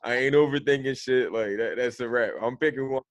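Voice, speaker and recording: A man's voice: medium pitch, brisk. A man co-hosting a sports podcast, talking bluntly and emphatically with casual profanity. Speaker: podcast co-host.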